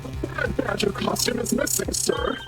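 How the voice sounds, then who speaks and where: A woman voicing a creepy, stiffly polite male badger mascot through a demonic voice changer, in a breathy, whispery manner. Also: fairly high pitch, expressive, normal speed, loud music behind the voice. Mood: creepy puzzled.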